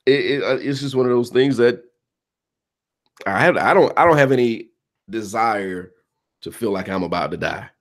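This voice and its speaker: A man's voice: mid-range voice, animated, normal speed, long pauses. A man co-hosting a casual talk show, laid-back and laughing often. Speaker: podcast co-host. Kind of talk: casual chat.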